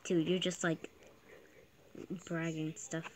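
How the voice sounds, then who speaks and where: A woman giving casual, chatty gameplay commentary, excitable at times and often quoting other players in exaggerated voices. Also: low voice, takes it slowly. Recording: steady background noise.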